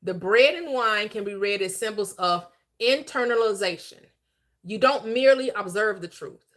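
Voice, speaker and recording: This woman leads a Bible lesson over livestream, her mid-range voice slowing down to drive home important phrases. The preaching is emphatic yet conversational, broken up by quick laughs and friendly chatter with viewers.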